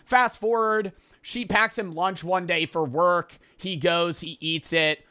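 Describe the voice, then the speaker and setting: A man's voice: sits high, fairly even intonation, slow, bright, forceful tone, clear, resonant tone, dry recording. A man casually recapping a movie plot, rambling and profane, laughing as he goes. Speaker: podcast host.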